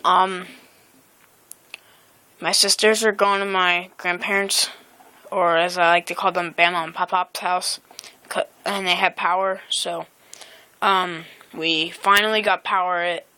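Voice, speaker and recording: This teen girl's voice sits lowish, with a bright, forceful, smooth quality on a dry recording. She's outdoors near a house talking into her phone camera for a casual vlog, wandering off topic, pausing, and correcting herself amid frequent ums.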